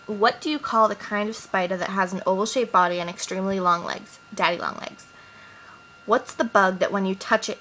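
A woman's voice: mid-range voice, a bit bright, a little hiss or hum, low-quality recording. A woman in her twenties from Boston with a Boston accent, chatting casually and jokily as she reads out questions and answers them, recorded on an iPod mic. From Boston, Massachusetts. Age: 20s. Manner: casual and jokey, reading questions aloud then answering. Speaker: vlogger. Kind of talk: casual accent challenge vlog. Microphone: iPod built-in mic.

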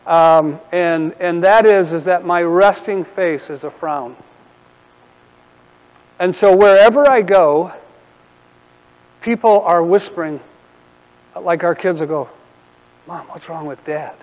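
A middle-aged man preaching a sermon with humorous storytelling and animated asides, speaking as pastor of a church. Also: sits high, slow, long pauses, long reverb tail, highs cut off. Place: church sanctuary.

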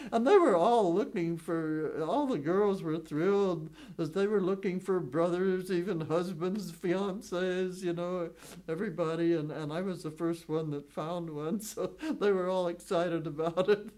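A woman's voice: on the low side, unhurried. A woman in her nineties telling wartime stories in an oral history interview, chuckling often and wandering through restarts and fillers. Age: 90s. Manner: chuckles often while telling lively anecdotes; rambling with frequent restarts and fillers. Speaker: WWII veteran interviewee.

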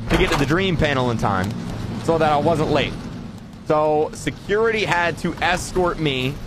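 A man streamer recapping an event in a rambling, excitable way, with bursts of shouting. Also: a little high, background noise.

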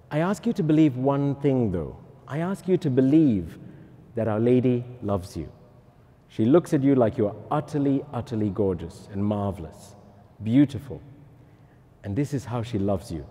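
Male priest, earnest testimony, mellow mid voice, long hall echo. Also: mid-range voice. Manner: earnest, conversational, checks in with "okay?". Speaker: Catholic priest speaking to pilgrims. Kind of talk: personal testimony talk.

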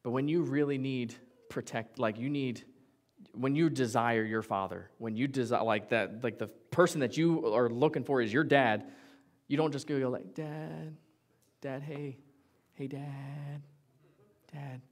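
A man preaching a sermon from the pulpit in a mid-pitched voice. He keeps it conversational and jokey and often acts out little quotes as he goes. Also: normal speed. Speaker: pastor. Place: church sanctuary.

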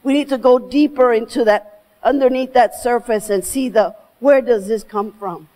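A middle-aged woman with a high voice delivers a motivational keynote from a stage. She tells her story emphatically and slips Spanish phrases into her English. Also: normal speed, dark tone, rough recording. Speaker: keynote speaker. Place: stage before an audience.

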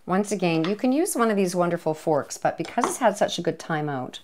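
A woman hosts a cooking show with a slightly low voice for a woman. She talks to the camera in a playful, chatty way, slipping in jokey asides and little cheers as she demonstrates. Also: lively intonation, fairly quick, noisy background. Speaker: cooking show host, home economist.

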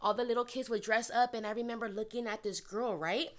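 A woman's voice: on the high side, fairly even intonation, quick pace. A woman in her thirties co-hosting a podcast, telling a personal story candidly and acting out the dialogue she quotes. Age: 30s. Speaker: podcast co-host.

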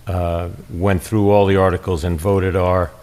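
Deep-voiced man chairing a town board. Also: flat delivery, a little mellow. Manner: measured, procedural, with frequent fillers. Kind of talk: town meeting proceedings. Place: town hall meeting room.

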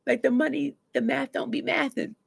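A woman therapist with a fairly high voice talks to camera in a loose, conversational way, dropping casual slang. She acts out people's inner voices, swinging between loud bursts and quiet asides. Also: normal speed, gravelly, slightly rough. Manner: animated, acts out inner voices with sudden swings in pitch and loudness. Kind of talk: talking to camera about grief and letting go.

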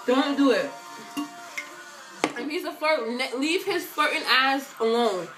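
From her bedroom at home, a teenage girl vlogs and answers fan questions in a chatty, joking Q&A, with dramatic swings in loudness and pitch. She is animated but takes it slowly, with music playing in the background.

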